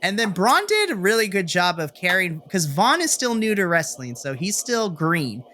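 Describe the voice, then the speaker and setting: Bright, excitable wrestling podcast host. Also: male voice, sits high, normal speed, a little hiss or hum. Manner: excitable storyteller, swears, acts out reactions. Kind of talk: casual wrestling recap.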